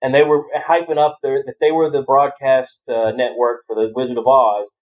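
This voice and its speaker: A man's voice: medium pitch, flat delivery, normal speed, highs cut off. A man chatting casually on a podcast as a guest, rambling through stories and swearing freely. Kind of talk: casual chat.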